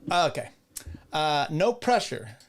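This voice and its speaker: A man hosts a loose solo livestream, talking in a fairly high voice. He rambles, restarts his sentences and drops crude asides, often chuckling at his own remarks. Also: sing-song, slow, slight background noise. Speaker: host. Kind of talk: casual solo livestream commentary.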